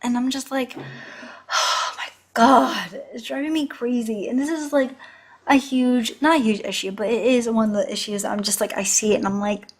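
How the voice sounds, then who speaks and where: A woman co-hosting a drama review video, talking in a casual, animated and exasperated way. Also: fairly high pitch, normal speed. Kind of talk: casual chat.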